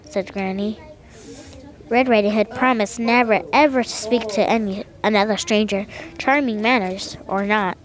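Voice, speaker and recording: A woman reading a fairy tale aloud as narrator, lively with small slips. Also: medium pitch, normal speed. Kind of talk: storybook reading.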